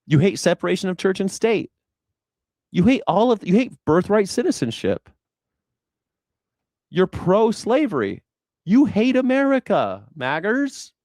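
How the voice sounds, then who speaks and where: A man's voice: sits high, big pitch swings, a little slow, long pauses, darkish tone, no room sound, clean studio sound. A man streaming political commentary in a heated, profane rant, sarcastic and mocking his opponents. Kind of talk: ranting live stream commentary.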